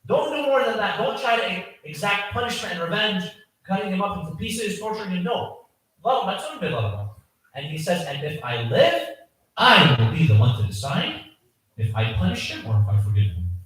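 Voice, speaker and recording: A man with a high voice tells a solemn story as a sermon, drawing out lines and chanting Arabic phrases. His voice is caught from a distance and booms around a very reverberant hall. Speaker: speaker at a mosque gathering. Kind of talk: sermon narration with Arabic recitation. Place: large prayer hall indoors. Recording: very echoey hall, voice from far off.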